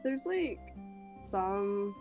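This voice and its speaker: A woman chatting casually as a guest on a livestream, giggly and rambling, and a bit hoarse from losing her voice. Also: medium pitch, big pitch swings, extremely slow, a little mellow, faint music behind, low-quality recording. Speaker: guest streamer. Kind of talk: casual chat while livestreaming.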